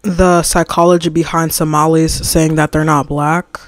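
While designing, a livestreamer chats casually in a slangy, animated way, reading and answering the chat and ranting about opinions. His mid-range voice moves at normal speed, and the recording is dry.

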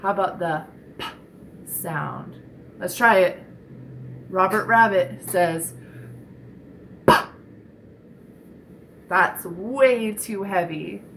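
Brief: woman speech teacher for kids, unhurried and encouraging, faint room hum behind. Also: mid-range voice, fairly bright tone, low-quality recording. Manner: encouraging, demonstrating sounds slowly for children. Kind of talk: slow, clear children's speech lesson.

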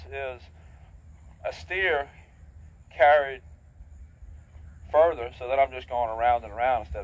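A man training a horse while riding in an outdoor arena, explaining his technique in a plain, steady, practical way. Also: mid-range voice. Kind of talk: instructional talk while riding. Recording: thin phone-like outdoor audio.

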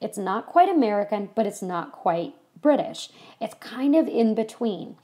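A woman's voice: medium pitch, lively intonation, a little slow, mellow. A woman from California giving a casual history lecture to a class, chatty and full of ums and you-knows. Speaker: history teacher.

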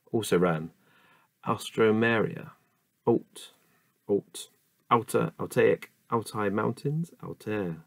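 A man works his way through dictionary entries at an unhurried pace, musing aloud between words. His voice is low with a gravelly fry. The recording is close and dry. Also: no echo. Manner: reads word lists slowly with asides and musing. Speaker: reader of a dictionary. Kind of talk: casual solo reading.

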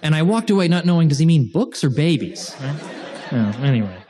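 A man giving an informal lecture to a class, chatty and animated, with restarts and joking asides. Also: on the high side, a little fast.

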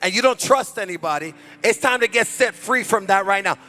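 A man preaching a fervent deliverance sermon as pastor at a church service, shouting commands. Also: high-pitched, expressive, brisk.

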